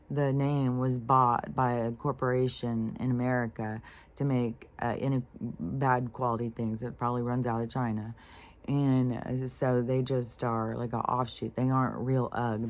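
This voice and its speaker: With an extremely low-pitched, darkish voice, a woman vlogs about her day. She is a spiritual vlogger, and her casual venting monologue is rambling, irritated, and frustrated, laced with free swearing and frequent fillers.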